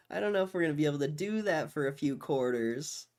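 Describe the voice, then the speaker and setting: A man putting on a high, mincing voice to mock a smug male central banker. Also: lively intonation, fairly quick, darkish tone. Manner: high, mincing, teasing falsetto.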